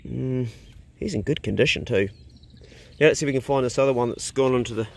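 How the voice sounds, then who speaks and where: A man's voice: mid-range voice, fast talker, gravelly. A man with a New Zealand accent narrating a casual outdoor vlog on a farm, swearing freely and chatting to the animals. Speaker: vlogger and hunter.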